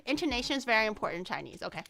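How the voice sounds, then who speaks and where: Bright, rambling young woman streamer. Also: on the high side, sing-song, racing, gravelly. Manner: rambling, self-mocking, laughs often. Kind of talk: casual chat to viewers.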